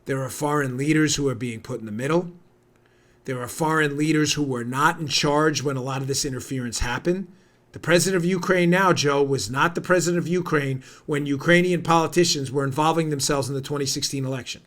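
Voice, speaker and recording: Heated high-voiced American man. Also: a little fast. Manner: heated and indignant, rising to near-shouting. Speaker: podcast host. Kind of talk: political commentary.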